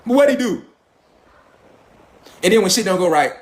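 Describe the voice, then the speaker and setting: Man, high voice, profane rant, confrontational, rhetorical questions. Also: very animated, brisk, long pauses. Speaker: commentator. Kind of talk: ranting monologue.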